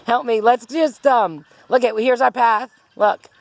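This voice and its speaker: A woman with a high, gravelly voice, vlogging outdoors on a handheld phone. She sounds panicky and keeps calling out to her friend, with nervous laughs between pleas. Her words come slowly, and the sound is dry and close. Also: no room sound. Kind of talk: casual vlog commentary. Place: outdoors at a rural property with farm birds.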